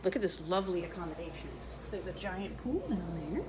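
A woman vlogging on a handheld camera, gushing, swearing and exclaiming with excitement. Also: fairly low pitch, a little fast, heavy background noise. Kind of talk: excited travel vlog. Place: hotel room, restaurant, outdoors.

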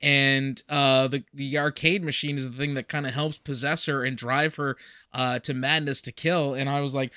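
A man's voice: medium pitch, little pitch movement, normal speed, bright, forceful tone, clean tone, no room sound, clean studio sound. A man co-hosting a podcast in casual chat, joking and laughing a lot. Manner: jokey, laughs often, fillers and restarts. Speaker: podcast co-host.

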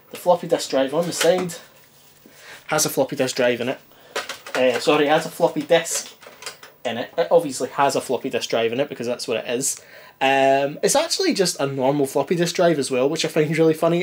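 A man's voice: fairly high pitch, a little hiss or hum. Anxious man, rambling and self-deprecating, home demo video, filled with ums. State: anxious, stutters. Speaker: retro gaming youtuber. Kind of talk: casual hands-on demo.

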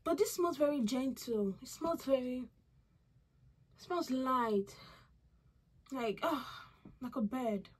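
A young woman talking casually at home in a haul vlog, gushing and squealing with excitement over her purchases. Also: sits high, slow pace, pauses often, slightly rough. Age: young adult. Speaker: vlogger.

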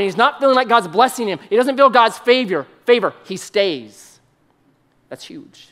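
A man preaches a sermon in a voice that sits high, swinging between loud, excited bursts and soft, hushed emphasis. He repeats short phrases.

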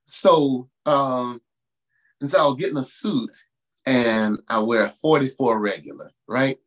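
A male pastor preaching in a casual, conversational way, repeating his key phrases and swinging from low asides to loud exclamations. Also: a little slow. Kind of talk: preaching-style talk to singles.

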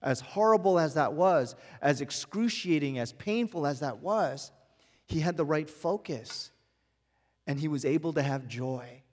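A man's voice: a little high, lively intonation, a little slow. Conversational male pastor preaching in a hall. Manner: conversational preaching with repeated rhetorical questions. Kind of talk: sermon.

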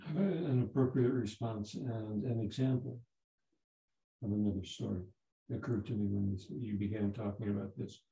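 A man in his seventies, a Zen teacher giving a dharma talk, telling a story in a halting way with many restarts. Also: lowish voice, vocal fry, dark tone, a little hiss or hum. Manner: halting, repeats words and restarts. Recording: roomy echo.

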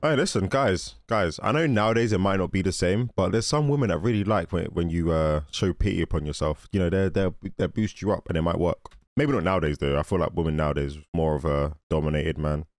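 A young man giving casual, excitable commentary while watching a film, often laughing and exclaiming. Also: low-pitched, fairly quick, few pauses, no echo, clean studio sound. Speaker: movie reaction host. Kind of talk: casual movie reaction commentary.

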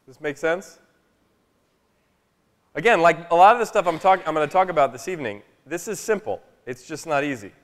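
Man, fairly high voice, animated storytelling, workshop speaker, long hall reverb. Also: brisk, long pauses. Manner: animated, chatty, asks "right?" often. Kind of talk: storytelling talk to a live audience. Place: large room with a live audience. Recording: long echo of a large hall.

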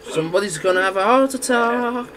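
A man giving loud, crude, excitable gameplay commentary. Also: high voice, fairly quick, crowd noise. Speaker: gamer.

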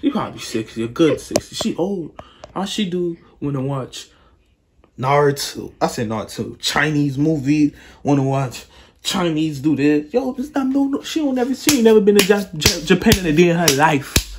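A man in casual chat, teasing his relatives in slangy, animated talk. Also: a little high, normal speed, noisy background. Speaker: family member roasting relatives.

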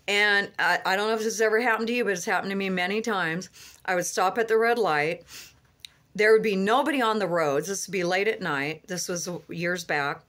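An earnest woman in a mid-pitched voice preaches a heartfelt religious message from her car. She rambles and restarts often, filling her pauses with "you know." She speaks with fervent, plain conviction. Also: a bit bright. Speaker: Christian vlogger.

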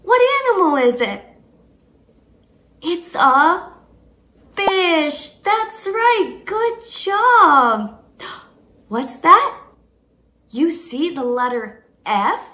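A young woman speaks to toddlers in a high, lively voice that swoops up and down. She talks very slowly and brightly, in a sing-song, encouraging teacher's manner with gasps of delight. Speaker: children's teacher. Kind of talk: toddler learning video.

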